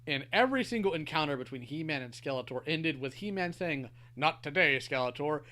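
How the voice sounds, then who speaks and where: A man hosting a podcast, chatting in an animated, playful way. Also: on the high side. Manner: animated, playful, quick to laugh. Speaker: podcast host. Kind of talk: casual podcast chat.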